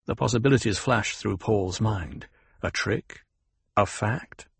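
A man narrating a novel in a steady, even storytelling manner. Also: on the low side, unhurried, vocal fry, slightly rough, dry recording. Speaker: audiobook narrator. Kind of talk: scripted narration.

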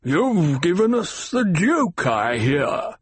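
A man reading an audiobook, voicing a cruel, scheming male baron villain with a slow, sneering delivery. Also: high-pitched, sing-song, slightly rough, no room sound, voice pushed up, heavily acted. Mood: mocking.

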